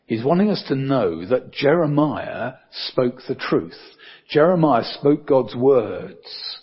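Older preacher, husky and lively. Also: male voice, medium pitch, slow pace, muffled recording. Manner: conversational, many fillers, dips soft for emphasis. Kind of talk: sermon.

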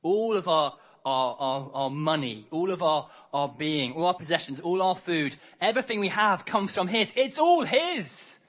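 A man's voice: a little high, moderate pace, hardly any pauses, a bit bright. A man preaching a harvest sermon, telling a story and acting out the characters' lines.

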